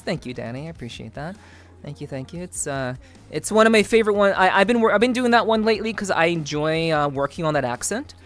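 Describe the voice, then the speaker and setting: A woman streamer chatting casually with her live chat, greeting viewers by name, laughing and repeating herself. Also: lowish voice. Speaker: VTuber streamer.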